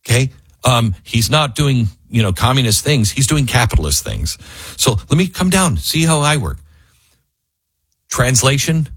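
Male talk radio host, husky, emphatic, pitch all over the place, dry booth sound. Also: measured pace, no room sound. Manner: emphatic, animated, acts out quotes in mocking voices. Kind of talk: opinionated political talk radio.

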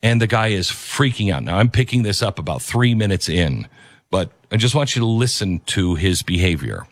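A man's voice: on the low side, big pitch swings, moderate pace, no room sound, clean studio sound. A man hosting a commentary show, reacting to a video clip in an emphatic, preachy way and repeating his key phrases.

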